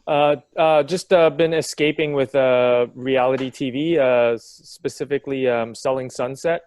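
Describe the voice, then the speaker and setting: Male guest, mid pitch, stop-start speech, dry close audio. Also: fairly even intonation, darkish tone, dry recording. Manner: halting, with fillers. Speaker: guest filmmaker. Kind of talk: casual interview chat.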